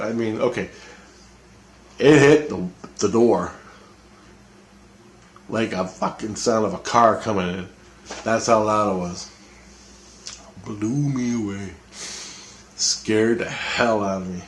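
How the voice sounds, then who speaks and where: In an echoey room, a man of medium pitch tells a story about something that happened to him. His delivery is casual yet intense, profane, and repetitive.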